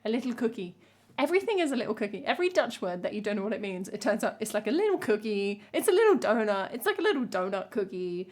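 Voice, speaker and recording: Woman from England, young adult, live-stream host, casual chat, wry asides, mid-pitched voice. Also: big pitch swings, fast talker, hardly any pauses. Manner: chatty, wry, jokey asides. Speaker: streamer and singer-songwriter.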